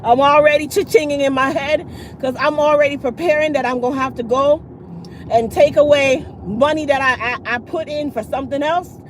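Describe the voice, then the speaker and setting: A woman's voice: high voice, moderate pace, slight background noise. A middle-aged woman, telling viewers a long story in casual chat and acting out the people in it. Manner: animated, acts out the other people in the story. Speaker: vlogger and channel host.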